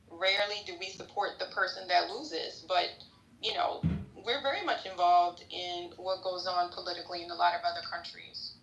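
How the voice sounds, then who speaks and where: A woman's voice: mid-range voice, gravelly, fairly bright tone, reverberant, low-quality recording. A woman co-hosting a political podcast, opinionated and rambling.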